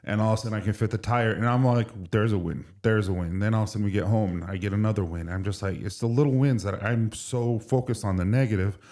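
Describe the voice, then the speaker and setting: A man's voice: on the low side, fairly even intonation, fast talker, hardly any pauses, darkish tone. A man in his forties, a podcast guest, telling a candid, emotional story with frequent restarts in casual chat. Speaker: podcast guest, brand co-founder.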